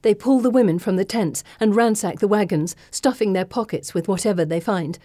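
A woman reading a first-person audiobook narration with an expressive, dramatic delivery. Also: medium pitch, fairly quick, no room sound.

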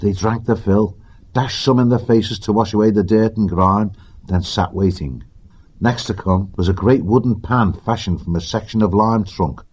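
Reading an audiobook, this male narrator keeps his storytelling steady and measured, his slightly rough voice sitting on the low side.

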